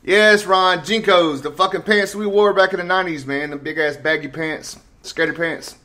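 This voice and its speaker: A man's voice: high-pitched, normal speed, pushed and bright. A man hosting a casual talk show, telling profane, rambling stories and laughing often. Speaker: host.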